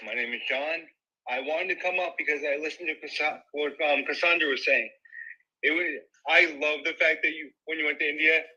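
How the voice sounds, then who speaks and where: A man sharing thoughts on a group call, his voice slightly high for a man and very bright. He talks in a relaxed, slightly halting way, restarting words now and then. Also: low-quality recording. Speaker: guest speaker. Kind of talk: casual call remarks.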